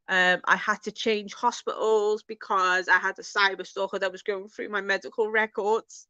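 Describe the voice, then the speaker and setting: A woman vlogging in casual chat, talking in a halting, hesitant way with many fillers. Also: medium pitch, pushed and bright, clean tone, no room sound, highs cut off.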